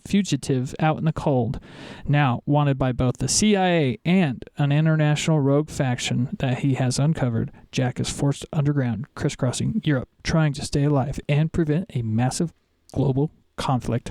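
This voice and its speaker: A man co-hosting a casual podcast, enthusiastic and quick to laugh, often restarting his words. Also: mid-range voice, a little mellow, no room sound, clean studio sound. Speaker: podcast co-host.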